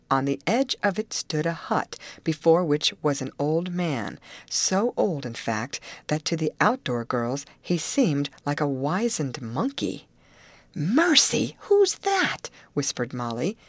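Low-voiced woman narrating an audiobook. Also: no echo. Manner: measured storytelling.

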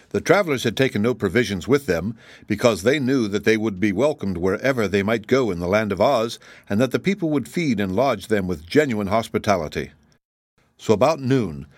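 Lowish male storybook narrator, dry sound, steady reading. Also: dry recording. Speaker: audiobook narrator. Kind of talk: scripted narration.

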